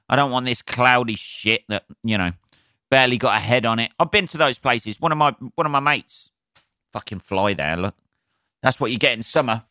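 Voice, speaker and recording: A man's voice: mid-range voice, pushed and bright, smooth, dry recording, studio quality. A man with a Southern English accent hosting his own podcast, ranting to listeners with plenty of swearing and jokey asides. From southern England. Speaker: podcast host, stand-up comedian.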